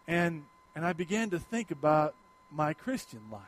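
A middle-aged man preaching a sermon in a folksy storytelling way, swinging between loud emphasis and quiet asides. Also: a little high, expressive, moderate pace. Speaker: pastor.

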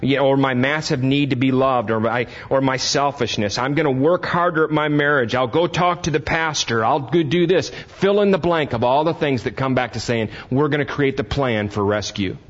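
The voice is mid-range, moderately paced and almost without pauses: an older pastor preaching to his congregation. He speaks plainly, then climbs to impassioned emphasis, and the sermon recording sounds dull and lo-fi.

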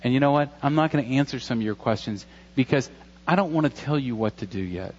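A man's voice: medium pitch, animated, quick pace, a little mellow, dull audio, slight background noise. Earnest man in his forties preaching. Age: 40s. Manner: earnest, conversational preaching with jokes. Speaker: pastor. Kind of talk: sermon.

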